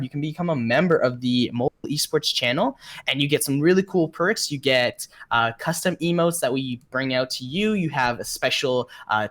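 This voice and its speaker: Man, esports co-caster, somewhat high voice, relaxed, reads chat. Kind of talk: casual stream chat and shoutouts.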